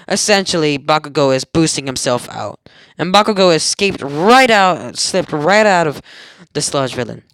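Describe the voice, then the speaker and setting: A man's voice: fairly high pitch, normal speed, clear, resonant tone, no room sound. A young man casually retelling an anime plot as a fan, rambling and often correcting himself. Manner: rambling, self-correcting, excitable. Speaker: fan storyteller.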